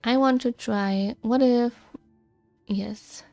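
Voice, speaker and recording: Soft-spoken young woman streamer. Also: on the high side, steady tone, slow, gravelly, dry recording, faint music behind. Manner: soft-spoken, thinking aloud. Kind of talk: gameplay commentary.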